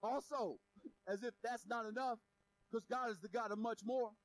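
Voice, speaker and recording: Guy preaching, high voice, chatty and lively, gets loud then goes real quiet. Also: moderate pace, dry recording, rough recording. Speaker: pastor. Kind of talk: sermon.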